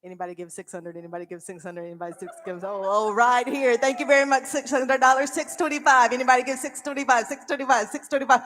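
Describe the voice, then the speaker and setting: A woman auctioneer calling bids at a charity auction in quick, repetitive, playful rounds. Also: on the high side, flat delivery, fairly bright tone. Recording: reverberant event hall.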